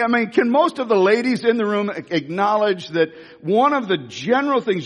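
A male pastor delivers a sermon in an animated storytelling manner, often restarting his phrases. His voice sits high for a man, and the hall gives it a long, ringing reverb.

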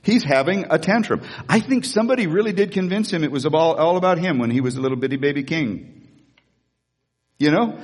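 A man preaching a sermon as pastor, animated, acting out Bible scenes in a raised voice. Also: on the high side, a little fast, big-room sound.

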